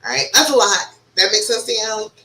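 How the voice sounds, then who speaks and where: A woman's voice: medium pitch, very animated, fast, sharp tone, reverberant, poor audio. A woman relationship coach on a live stream, giving chatty, encouraging advice and often checking in with "okay?". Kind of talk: live-stream advice and reading viewer comments.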